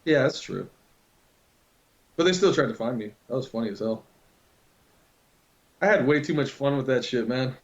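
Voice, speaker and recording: A man's voice: mid-range voice, expressive, normal speed, long pauses. A man casually telling a long prank story to a friend, loose and full of swearing. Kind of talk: casual chat. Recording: dull lo-fi recording.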